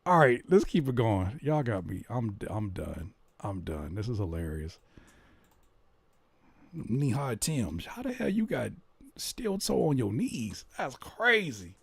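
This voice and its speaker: A man hosting a casual livestream, reacting to music and joking with chat in an animated way. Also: lowish voice, measured pace, creaky, slightly rough, dry recording. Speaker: livestream host giving music feedback.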